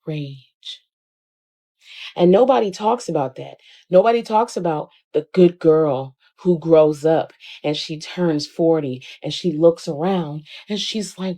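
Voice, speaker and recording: A woman's voice: sits low, slow, mellow. A woman in her forties giving an intense, emotional monologue that builds in force.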